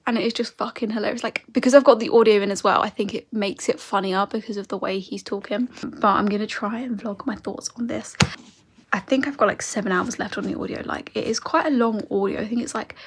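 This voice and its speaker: Woman, young, husky, higher voice, giggly whispered asides. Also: moderate pace. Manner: chatty and giggly, with frequent soft whispered asides. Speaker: book vlogger. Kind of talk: casual reading vlog chat.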